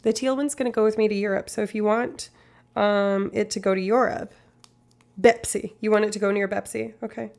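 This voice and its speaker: A woman's voice: medium pitch, fairly even intonation, a little fast, creaky, a little mellow. A woman streamer in rambling, casual live-stream chat, swearing now and then.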